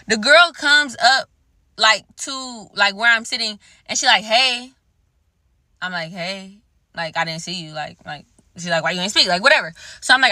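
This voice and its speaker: A woman's voice: a little high, pushed and bright, no echo. A woman telling a story time to her viewers, heated and full of swearing. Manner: heated, profane and emphatic. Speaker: vlogger.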